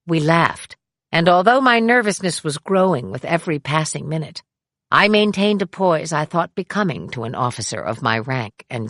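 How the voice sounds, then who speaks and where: A middle-aged woman reading her memoir aloud in a measured way, giving the quoted people raised voices. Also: deep voice, a bit bright, no room sound, studio quality. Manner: measured, acts out dialogue with raised voice. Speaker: memoir narrator. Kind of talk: audiobook memoir narration.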